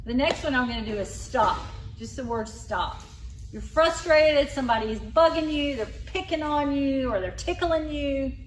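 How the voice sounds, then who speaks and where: A woman leading a group through voice exercises, coaching loud, exaggerated sounds. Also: high voice, lively intonation, moderate pace, slight background noise. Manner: loud, exaggerated vocal demonstrations. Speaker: exercise leader. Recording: echoey room, a bit far from mic.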